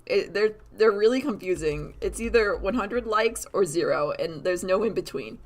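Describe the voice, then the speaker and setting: A woman chatting casually while she draws on a live stream, rambling and animated, laughing often and filling her talk with "like". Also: medium pitch, moderate pace. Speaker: artist streamer.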